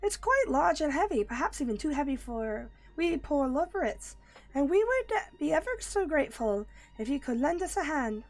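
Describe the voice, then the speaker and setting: A woman voicing a small, fussy rabbit creature from a game, in a high-pitched, overly polite voice. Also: sing-song, normal speed. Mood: eager. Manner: prim, overly polite phrasing.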